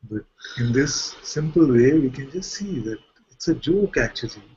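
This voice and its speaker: A man's voice: medium pitch, lively intonation, moderate pace, a little mellow, slightly rough, dull audio. A man, a spiritual teacher, giving a playful, questioning satsang talk with light jokes.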